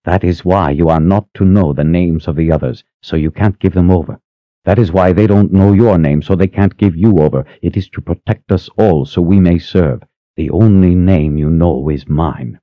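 A ruthless older woman speaks in a very deep, cold, menacing voice, each threat calm and measured. A man voices her in a storybook reading. The sound is dry and a bit muffled. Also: no room sound, lightly acted. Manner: cold, menacing, low hiss. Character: stern commanding older woman, ruthless leader. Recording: slightly muffled dry recording.

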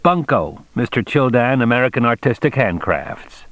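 A man voicing a sneering male plainclothes police officer in an audiobook, with a taunting, sharp delivery. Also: medium pitch, very animated, normal speed, no room sound, voice pushed up. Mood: curt.

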